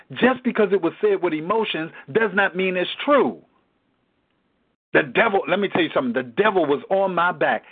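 A man's voice: high-pitched, husky. A man leading a Bible study in a preaching style, emphatic and repetitive in his exhortations. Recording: tinny phone-like sound.

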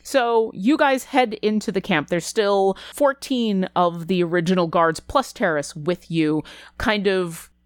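A woman's voice: mid-range voice, unhurried, no room sound. Woman game master narrating, dry sound. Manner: descriptive, asks players what they do.

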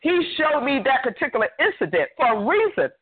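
With a crowd in the background, an older woman preacher delivers a fervent sermon over a tinny phone call. Her high voice is very animated and fairly quick, and she repeats herself emphatically to press her points.

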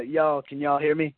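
A man's voice: a little high, no echo. A man from Canada calling in, hyped and slangy, teasing his rival. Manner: hyped, trash-talking, slangy. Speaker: caller. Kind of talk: casual call-in talk. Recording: tinny phone-like call audio.

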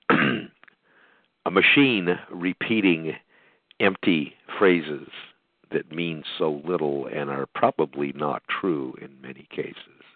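A man's voice: extremely low pitch, gravelly, no echo. An older American man hosting his podcast, talking in a rambling monologue full of fillers and restarts. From United States. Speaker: podcast host. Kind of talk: reflective monologue. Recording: dry, tinny phone-like line.

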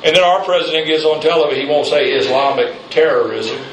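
A man's voice: on the high side, steady tone, quick pace, distant mic, a little hiss or hum. A man preaching a fiery sermon as pastor, rising in intensity and calling on the congregation for amens. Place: church sanctuary. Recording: echoey church, mic from afar.

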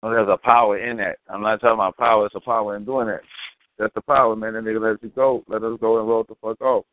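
A man's voice: on the low side, little pitch movement, fast. Musing man, tinny phone-like sound. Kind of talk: casual chat.

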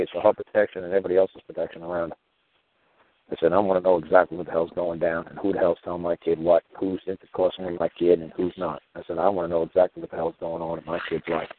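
A man with a low voice tells a long, rambling story on his podcast, swearing freely and acting out the people in it. The sound is thin and tinny, like a phone line, and completely dry with no room around it. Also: no room sound. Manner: rambling, profane, heated storytelling with quoted dialogue. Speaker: podcast host. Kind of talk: casual monologue.

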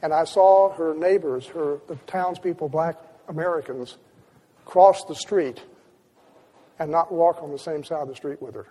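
Man, storyteller at a talk, husky, with a long reverb from a big hall. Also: fairly high pitch, moderate pace, dark tone. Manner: vivid storytelling with many restarts. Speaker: speaker. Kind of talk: storytelling lecture.

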